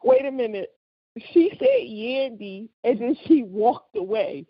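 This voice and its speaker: A woman's voice: on the high side, unhurried, slightly rough, no echo, dull audio. A woman co-hosting a casual podcast chat, telling stories with lots of laughter. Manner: animated storytelling, laughs a lot. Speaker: podcast co-host.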